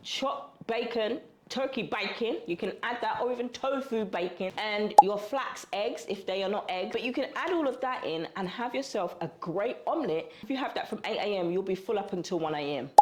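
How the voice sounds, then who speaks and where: Brief: chatty, animated woman vlogger from the UK, mid-pitched, roomy home-kitchen sound. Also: moderate pace, hardly any pauses, slight background noise. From United Kingdom. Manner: chatty, animated, calls viewers girl and baby. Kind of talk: casual cooking vlog talk to camera. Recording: roomy echo.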